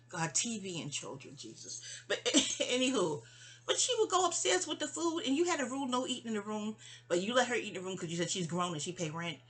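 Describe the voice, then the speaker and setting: A breathy, husky-toned woman from New York talks straight to her mother in a loose personal monologue. She wanders off on tangents, restarts sentences and catches herself digressing, often sinking to a soft, near-whispered level. Her pitch sits in an ordinary middle range for a woman. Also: very animated, fast. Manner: rambling and digressive, many restarts and asides. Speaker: vlogger.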